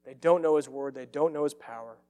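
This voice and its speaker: A man preaches with an earnest, emphatic delivery, leaning on repeated phrases to drive each point home. His voice sits a little high for a man, and it rings out with a long reverb tail, as if he were in a large sanctuary. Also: fairly quick, mellow. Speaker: pastor. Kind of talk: sermon.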